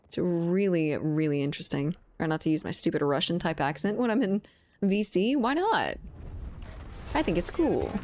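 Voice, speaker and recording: A woman's voice: fairly low pitch, expressive, moderate pace, a little mellow, a little hiss or hum. An American woman streaming a game, chatting casually with viewers, laughing often and swearing now and then. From United States. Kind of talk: casual gaming stream chat.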